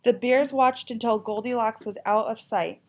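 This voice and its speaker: A woman teacher reads a children's story aloud with plenty of expression and a somewhat high voice. She then quizzes the class warmly and praises their answers. The recording sounds dull and lo-fi. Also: normal speed. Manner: expressive, encouraging questioning. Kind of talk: children's story reading and lesson.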